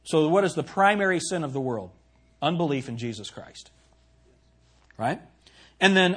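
Husky preaching man with a lively voice. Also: brisk. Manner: earnest preaching, rises to emphatic scripture reading and drops low for asides. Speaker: pastor. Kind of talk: sermon.

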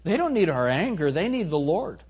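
Animated preacher man, husky. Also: on the high side, normal speed. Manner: animated preaching, swings from soft to loud. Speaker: pastor. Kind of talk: sermon.

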